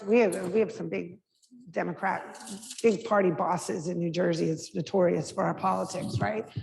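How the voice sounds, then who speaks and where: A middle-aged woman speaking candidly at a public Q&A, with a gravelly, fry-laced voice. She talks frankly in loose, conversational sentences full of restarts. Her voice carries a long reverb and faint background noise from a lecture hall. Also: mid-range voice. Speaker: mayor, guest speaker. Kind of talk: candid Q&A answers at a public talk.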